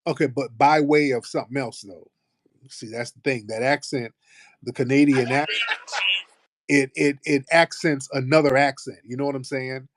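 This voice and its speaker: This is casual chat from an American host of an online audio show, loose and playful with plenty of cursing. He has a mid-range voice with fairly even intonation and a moderate pace.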